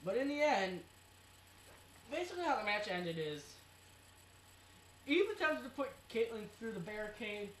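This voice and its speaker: A playful, giggly co-host of a casual recap show who is quick to tease. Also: mid-range voice, very animated, a bit bright, distant mic. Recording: roomy amateur recording with faint noise.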